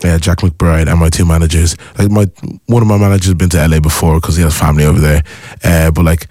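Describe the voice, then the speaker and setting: A young man from Ireland, a music artist guest, chatting casually and acting out his own excited reactions as he tells stories. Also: sits low, fast, no room sound, studio quality. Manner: excitable storyteller who acts out past reactions. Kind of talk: casual interview chat.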